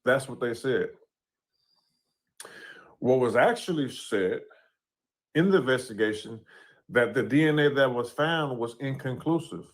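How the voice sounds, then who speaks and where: A man's voice: mid-range voice, lively intonation, a little slow, long pauses. A man giving casual commentary on a court case, talking loosely and often adding "you know what I'm saying".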